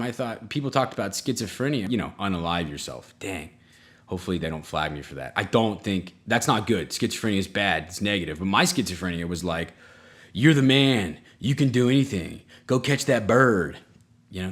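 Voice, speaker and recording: A man hosting a comedy podcast, telling self-mocking stories in a rambling way, with sudden jumps in pitch. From United States. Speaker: podcast host. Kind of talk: comedic solo monologue.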